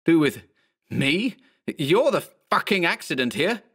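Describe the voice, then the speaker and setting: A man voicing a panicked, furious balding man of about thirty who yells and curses in a horror audiobook. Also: sits high, animated, moderate pace, gravelly, pitched above the performer's own voice, exaggerated voice. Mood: frantic. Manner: yelling, cursing, frantic. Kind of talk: audiobook character voice.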